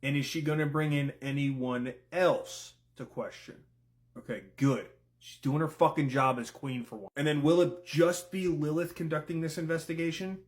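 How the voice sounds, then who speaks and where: A man giving casual commentary, firing off questions and swearing freely. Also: a little high. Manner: rapid-fire questions, profane, excitable. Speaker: content creator.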